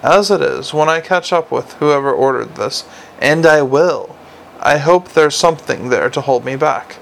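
A man's voice: fairly high pitch, normal speed, creaky. A man narrating a fantasy story aloud, often stumbling and restarting words. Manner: reads with frequent slips and restarts. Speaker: audiobook narrator. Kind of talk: audiobook narration.

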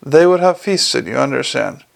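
A man's voice: mid-range voice, animated, normal speed, vocal fry. A man voicing a guarded, formal male dwarf elder who speaks carefully and stiffly.

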